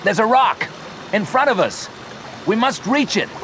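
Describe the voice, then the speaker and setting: A man's voice: medium pitch, expressive, normal speed, a bit bright, a little hiss or hum, voice pushed up, close to an everyday voice. A man with a British accent voicing a brave, determined young man who calls out commands in a flood. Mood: shouting. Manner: calling out commands, resolute.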